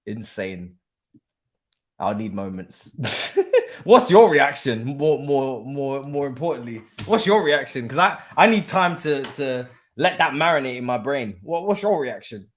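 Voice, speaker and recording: A man, a guest pundit in casual football chat, animated and repeating phrases with frequent ums. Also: mid-range voice, unhurried, few pauses.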